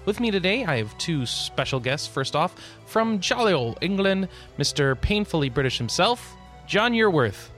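A man's voice: high-pitched, very animated, fairly bright tone, soft background music. A man hosting a gaming podcast in a casual, upbeat, joking way. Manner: upbeat, enthusiastic, quick to joke. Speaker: podcast host. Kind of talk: casual chat.

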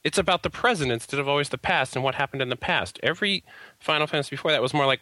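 A man's voice: mid-range voice, animated, fast talker, sharp tone, no echo, rough recording. A man co-hosting a casual podcast chat, arguing his opinions firmly. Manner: opinionated, argues his point. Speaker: podcast co-host.

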